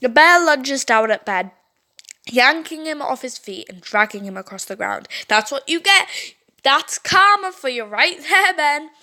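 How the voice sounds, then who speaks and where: A woman gaming YouTuber reading a story game aloud, expressive and reacting with exclamations. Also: high-pitched, a little slow.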